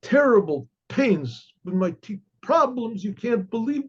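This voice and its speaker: A man's voice: very high voice, very animated, unhurried, husky, highs cut off, voice pushed up, full character voice. A man voicing a desperate young man who overplays his complaints of pain, in a told story. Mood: pleading. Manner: pleading, exaggerated complaints.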